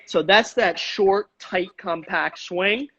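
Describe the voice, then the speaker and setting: A man's voice: high voice, takes it slowly, pushed and bright, dull audio, slight background noise. A man with a New York accent, a guest baseball coach explaining hitting with emphatic enthusiasm. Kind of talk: casual coaching chat.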